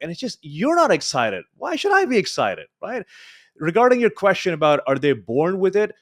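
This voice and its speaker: A man's voice: high-pitched, huge pitch swings, normal speed. A man answering as a guest speech coach in an interview, talking in an emphatic, coaching tone.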